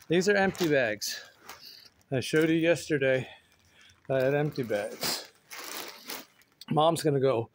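A man's voice: on the high side, slow, pauses often, slight background noise. A man vlogging outdoors on his phone while doing yard work, chatting and rambling to his viewers and laughing often. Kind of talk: casual chat to viewers. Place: outdoors in a neighborhood yard, windy. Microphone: phone camera.

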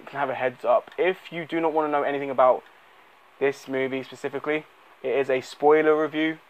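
A man talks through a movie review off the cuff, at an ordinary mid-range pitch. His delivery rambles, with lots of fillers and restarts. It sounds unplanned and conversational. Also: rough recording. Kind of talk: unscripted spoken movie review.

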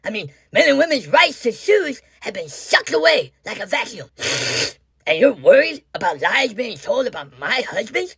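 A woman putting on an indignant older female politician in a satirical sketch, scolding and shouting in a husky, gravelly voice. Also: on the high side, sing-song, normal speed, no echo, clean studio sound, heavily acted. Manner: scolding, shouting, self-righteous.

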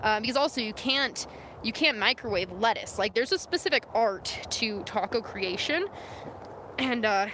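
A young San Francisco woman live-streams outdoors in the wilderness, chatting and reading comments from her viewers aloud. She speaks at a normal speed in a slightly high, animated voice. The phone camera recording carries faint outdoor noise.

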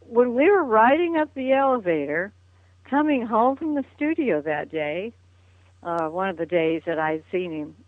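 A woman's voice: medium pitch, no room sound. An older woman chats as an interview guest, reminiscing in a loose, storytelling way and breaking into laughs often. Her voice arrives over a tinny phone line. The sound is dry, with no room around it. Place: at home on a phone call.

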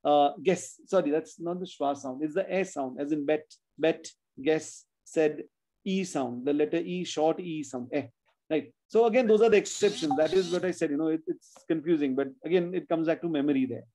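A man's voice: fairly high pitch, normal speed, warm tone, poor audio. A man teaching children spelling in an online class, patiently sounding out words letter by letter.

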